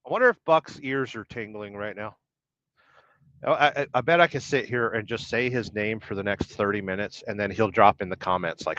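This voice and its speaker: A man's voice: lowish voice, normal speed, a bit bright, no room sound. A middle-aged man chats loosely through a livestream, reading out comments and teasing his viewers in a wry, wandering way. The audio is dry and dull, like a lo-fi stream. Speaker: trucker livestream host. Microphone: podcast-style audio only.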